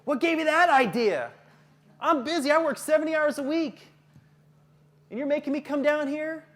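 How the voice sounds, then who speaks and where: A man voicing an angry, overworked parent who complains loudly and sarcastically. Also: moderate pace. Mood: indignant. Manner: loud, shrill, sarcastic complaining.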